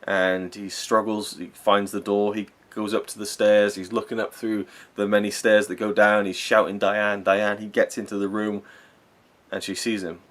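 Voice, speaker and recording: A man's voice: on the low side, little pitch movement, moderate pace. A young man giving a rambling, enthusiastic spoken film review, full of fillers and self-corrections.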